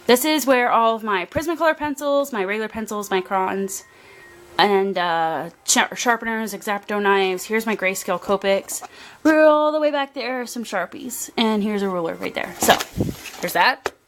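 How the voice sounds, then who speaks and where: A young woman giving a rambling, excitable tour of her art desk at home, talking into a handheld camera. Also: medium pitch, normal speed, a little hiss or hum, rough recording. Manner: chatty, rambling, excitable, many fillers. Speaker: artist showing her workspace. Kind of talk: casual vlog tour. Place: home desk area, indoors.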